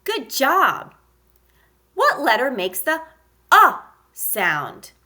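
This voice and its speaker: A woman teaching a phonics lesson to young children, sounding out letters and praising slowly and encouragingly. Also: on the high side, very animated, pushed and bright. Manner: slow, encouraging, sounds out letters with exaggerated emphasis. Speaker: kindergarten teacher.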